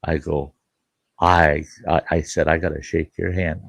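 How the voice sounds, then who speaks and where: A man's voice: very deep voice, little pitch movement, a little slow, creaky, dry recording. A middle-aged man hosting a casual chat, telling a folksy story and acting out both sides of a conversation, swearing casually. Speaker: campground host and show host.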